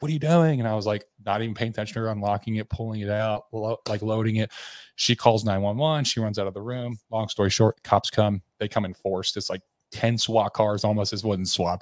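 A podcast guest from Tennessee tells a candid personal story in a rambling way, with fillers and restarts, acting out the lines of the people in it. His voice is fairly low in pitch, and the recording has no echo.

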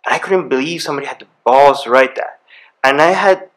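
A man speaks on a university panel. His voice sits at an ordinary middle pitch. He tells personal stories in an animated, storytelling way that builds excitement. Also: brisk, poor audio. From Iran. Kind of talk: live panel discussion. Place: university event room.

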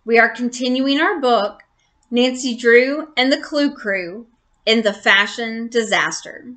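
A woman with a somewhat high voice reads a children's mystery book aloud at a leisurely pace. She lingers over the narration and brightens for the characters' lines. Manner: slow, gentle reading with lively character voices. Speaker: storyteller.

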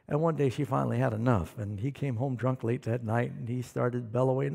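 A man preaching a sermon, animated and questioning the congregation, calling for amens. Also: mid-range voice, a little fast, vocal fry, few pauses. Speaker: pastor.

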